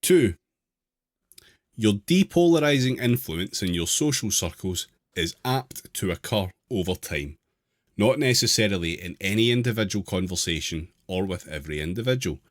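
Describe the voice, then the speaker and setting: A man co-hosting a podcast, reading an article aloud in a dry, deadpan way between casual asides. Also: low voice, moderate pace, no room sound.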